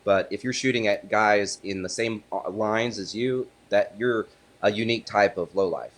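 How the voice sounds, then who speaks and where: Lower-voiced guy being interviewed, gets emphatic and loud on his points. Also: moderate pace. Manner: emphatic, builds to forceful punchlines. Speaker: interview guest, attorney. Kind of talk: political interview conversation.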